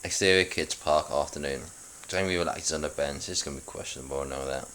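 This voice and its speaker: A man's voice: very deep voice, fast, fairly bright tone. A man casually reading through his old sitcom script, with self-mocking asides.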